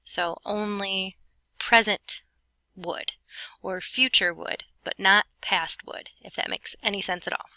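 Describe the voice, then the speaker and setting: Bright-voiced woman teaching Spanish. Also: mid-range voice, fairly even intonation, slow, no echo, rough recording. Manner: explanatory, chatty, with playful asides. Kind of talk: recorded lesson narration over notes.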